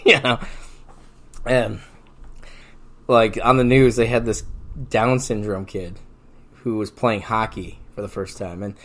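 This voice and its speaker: A man's voice: on the low side, steady tone, slow, long pauses, fairly bright tone. A man co-hosting a podcast, telling crude comic stories in casual chat and laughing often through them. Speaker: podcast co-host.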